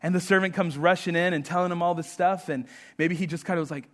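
A man preaching a sermon, acting out the characters in the story and dropping quiet for emphasis. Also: brisk, few pauses. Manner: animated, acts out quotes with rising pitch and volume. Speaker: pastor.

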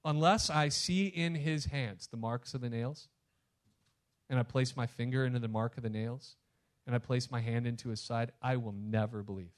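A man's voice: mid-range voice, moderate pace, voice pushed down, natural voice. A man voicing a weary, stubborn male disciple who complains emphatically and refuses to believe.

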